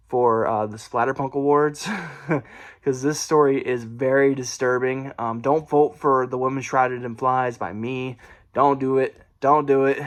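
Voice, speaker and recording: A man's voice: medium pitch, a bit bright. A man casually reviewing a horror book at home, rambling, correcting himself and laughing often. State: briefly out of breath. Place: room at home.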